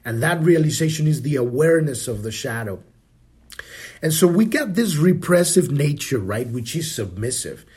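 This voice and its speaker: A man's voice: on the high side, very animated, normal speed, a little mellow. A man hosting a spiritual podcast, talking casually, swearing freely and often restarting his sentences. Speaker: podcast host. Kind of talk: spiritual talk.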